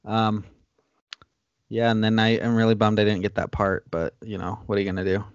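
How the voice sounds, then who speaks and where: A man's voice: on the low side, little pitch movement, fairly quick, muffled recording. A man hosting a casual podcast chat, joking and laughing often. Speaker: podcast host.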